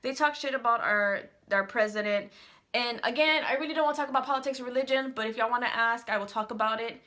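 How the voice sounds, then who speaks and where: A woman vents straight to camera, speaking bluntly and with heat. Her voice sits a little high, and curse words come out easily in this casual vlog rant. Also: fast, bright, forceful tone. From San Antonio, Texas, USA. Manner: blunt, heated, swears often. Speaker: vlogger.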